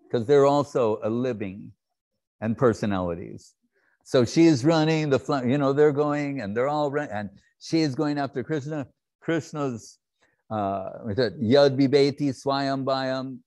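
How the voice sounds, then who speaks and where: Slow, animated man telling devotional stories. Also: medium pitch. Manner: animated storyteller, acting out scenes, laughs often. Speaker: speaker of a devotional talk. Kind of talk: devotional storytelling talk.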